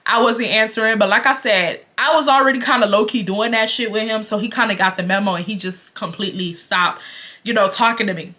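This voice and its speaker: Bright-voiced young woman telling a story. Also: mid-range voice, brisk. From Houston, Texas. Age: 20s. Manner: frank, slangy, addresses viewers as y'all. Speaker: storytime vlogger. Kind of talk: casual storytelling to viewers.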